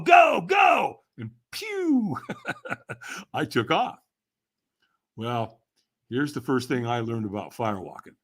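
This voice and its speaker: Older man telling a lively story. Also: medium pitch. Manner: acts out quoted voices, laughs often. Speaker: podcast guest. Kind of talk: animated storytelling.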